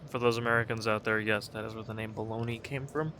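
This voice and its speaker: A gaming video creator, a young man, talks fast and casually over a flight game, wandering off topic, fixing his own words, and sounding drowsy. His voice is on the low side with fairly even intonation and a sharp tone, and there's slight background noise.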